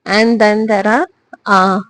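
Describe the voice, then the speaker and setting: A woman teacher, giving a recorded lesson slowly, with frequent hesitations and restarts. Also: medium pitch, fairly even intonation, fairly bright tone, dry recording, rough recording. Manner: slow and deliberate, with frequent "uh" and restarts. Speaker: English teacher.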